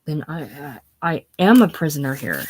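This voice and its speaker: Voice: medium pitch, big pitch swings, normal speed, darkish tone, slightly rough. Eva, a frightened young woman pleading, as read by a casual reader. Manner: pleading, shaky.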